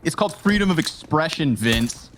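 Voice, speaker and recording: A man's voice: fairly high pitch, expressive, normal speed, noisy background. A man casting an esports match play-by-play, punchy and playful with wordplay. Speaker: esports caster. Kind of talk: play-by-play commentary.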